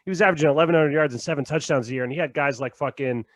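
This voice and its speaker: A man's voice: a little high, rapid-fire, no echo. Laid-back man chatting on a podcast. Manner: loose, swearing, laughs often, trails off quietly. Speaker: podcast co-host. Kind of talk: casual chat.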